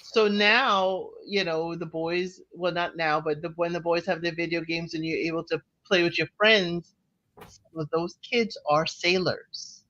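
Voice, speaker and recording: A man with a high, bright voice co-hosts a relaxed podcast conversation, speaking in a measured, reflective way. His audio sounds dull and lo-fi, as if coming through a remote connection. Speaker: podcast co-host. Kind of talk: casual chat.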